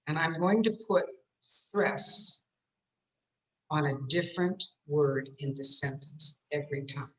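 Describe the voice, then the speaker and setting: Woman workshop trainer on a video call, expressive and emphatic, echoey room. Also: on the low side. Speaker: communication trainer. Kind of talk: interactive online workshop.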